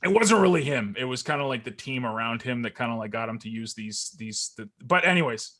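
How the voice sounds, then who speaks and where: A man, co-hosting a casual sports podcast, telling stories in an animated way and laughing often. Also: medium pitch, brisk. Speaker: co-host.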